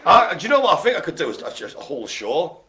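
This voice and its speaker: A man's voice: a little high, big pitch swings, quick pace, a loud crowd. A man hosting a live bingo game, calling out numbers and rambling through jokey asides. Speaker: bingo host.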